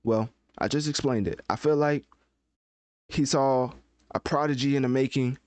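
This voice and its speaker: A man talks casually into a close desk microphone, hosting his live podcast. He chats loosely and thinks aloud while he searches, with a mid-pitched voice in a dry, dead room. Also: fairly even intonation, moderate pace, darkish tone, clear, resonant tone, dry recording. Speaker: podcast host. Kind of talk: casual live-stream commentary.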